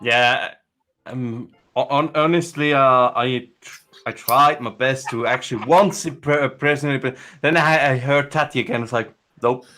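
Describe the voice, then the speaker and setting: A man's voice: mid-range voice, a little slow, pushed and bright. A man chatting casually on a podcast, rambling with many restarts and fillers. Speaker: podcast co-host. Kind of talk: casual chat.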